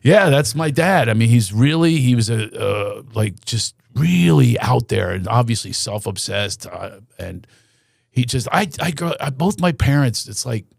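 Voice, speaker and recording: A comedian telling long stories on a podcast, animated and quick to act out the people in them. His voice is gravelly, with a creaky edge. The sound is close and dry. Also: mid-range voice, no echo. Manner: animated storyteller who slips into quoted voices; restarts and stammers mid-story. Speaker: guest comedian. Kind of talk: storytelling in a podcast chat.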